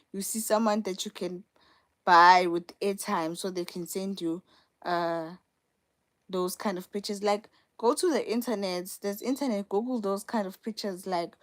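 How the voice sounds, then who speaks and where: Young woman, live-stream host, casual phone chat, repeats points, mid-pitched voice. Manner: chatty, repeats herself for emphasis. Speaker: livestream host.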